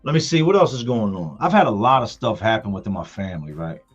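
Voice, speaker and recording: A man in his forties, hosting a livestream, telling a personal story in a casual, emphatic, animated way. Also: lowish voice, quick pace, breathy edge. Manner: emphatic, animated retelling with colloquial speech. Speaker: livestream host. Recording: muffled audio with faint music.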